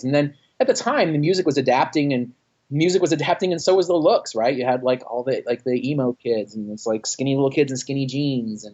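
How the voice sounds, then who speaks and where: A man's voice: mid-range voice, quick pace, highs cut off. A man from Texas, a former band frontman, telling stories in a casual interview, swearing and acting out quotes. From Austin, Texas. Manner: profane, animated storytelling with acted-out quotes. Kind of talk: casual interview over a call. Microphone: internet call.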